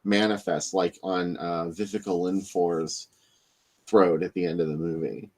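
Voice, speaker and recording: A man co-hosting a podcast, chatting in a relaxed, slightly halting way about horror movies and his magazine. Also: low-pitched. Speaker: podcast co-host and magazine editor.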